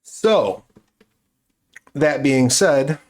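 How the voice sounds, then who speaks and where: A man's voice: medium pitch, animated, drawn-out words, a little mellow. A man running a tabletop game as game master, narrating with frequent laughs and fillers. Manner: laughs often, many fillers.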